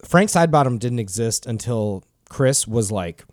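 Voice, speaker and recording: A man's voice: mid-range voice, lively intonation, moderate pace, crowd noise. A man co-hosting a podcast, rambling through a story in loose casual chat and swearing freely. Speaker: podcast host.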